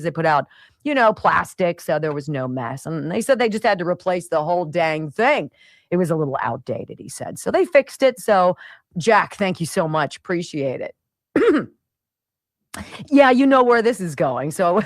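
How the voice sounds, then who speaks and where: A woman in her fifties hosting a radio show, telling stories in a chatty, animated way. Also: medium pitch, moderate pace, no echo, studio quality. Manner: chatty, animated storytelling with sound effects and laughs. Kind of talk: casual monologue. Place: radio studio.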